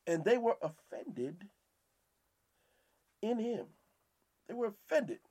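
A man's voice: sits high, sing-song, slow, pauses often, mellow, breathy edge. A man teaching scripture verse by verse in a preaching style, often repeating himself and asking "Amen?". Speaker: Bible teacher and podcast host.

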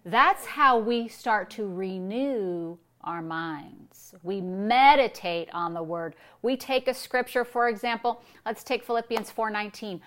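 Woman pastor, sermon, bright ringing voice, emphatic, repeats herself, asks questions. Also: mid-range voice, measured pace, few pauses. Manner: emphatic, repetitive preaching with rhetorical questions.

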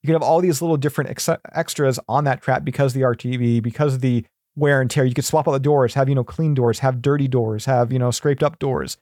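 A man's voice: medium pitch, steady tone, fast, few pauses, mellow, no echo. Rambling man with a dry close sound. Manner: rambling, lots of fillers and restarts. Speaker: podcast guest. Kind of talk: casual chat.

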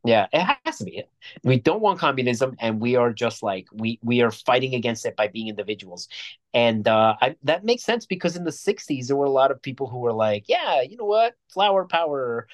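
A man co-hosts a podcast in a mid-range voice with lively intonation, talking a little fast. He chats casually about movies, rambling and joking and restarting his sentences often.

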